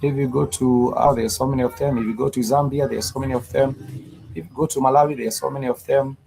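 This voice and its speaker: Gravelly-voiced man teaching a language. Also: medium pitch, steady tone, warm tone, a little hiss or hum, rough recording. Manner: patient, repeats words and syllables slowly. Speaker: Swahili teacher. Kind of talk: live-streamed language lesson.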